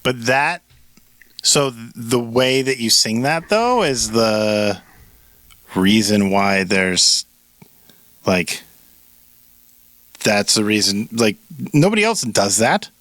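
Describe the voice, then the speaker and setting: A man's voice: on the low side, sing-song, slow pace, pauses often, a bit bright, no room sound. A man co-hosting a podcast in casual chat, searching for words and then driving points home emphatically. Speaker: podcast co-host.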